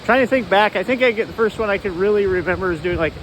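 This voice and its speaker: A man's voice: high voice, quick pace, noisy background. Rambling man talking outdoors. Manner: rambling, loose, full of asides. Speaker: vlogger. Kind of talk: casual monologue while walking.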